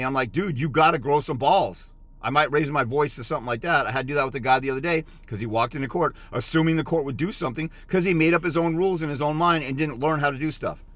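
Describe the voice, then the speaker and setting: A man's voice: fairly high pitch, a bit bright, no echo. A middle-aged man giving a blunt, scolding motivational rant as a fathers' rights consultant, lecturing harshly.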